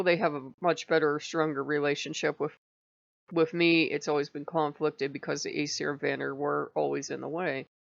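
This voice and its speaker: A woman's voice: fairly low pitch, vocal fry, fairly bright tone, no room sound, dull audio. A woman recounting her dreams and visions in a rambling, casual vlog, laughing often. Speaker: spiritual vlogger.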